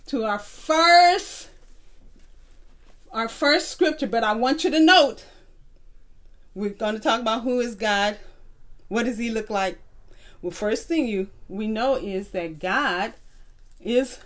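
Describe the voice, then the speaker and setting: A woman teaching a children's Bible lesson in a patient way, asking the class to repeat verses after her. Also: fairly high pitch. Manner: slow, patient, call-and-response teaching. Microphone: recorded tape.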